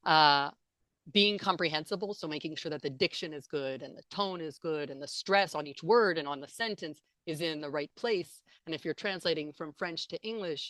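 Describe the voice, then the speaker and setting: An interpreting trainer, a woman with a low voice, gives an online talk over a video call, speaking at a normal speed with an animated, sharp-toned delivery. Chatty and playful, she laughs and reacts to comments in the webinar's audience chat. Her computer mic picks up no room sound.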